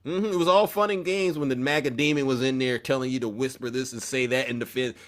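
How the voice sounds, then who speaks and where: A man's voice: medium pitch, steady tone, fast. A man hosting an opinion commentary show, talking emphatically in a preachy tone and often breaking off mid-sentence. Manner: emphatic, preachy, self-interrupting.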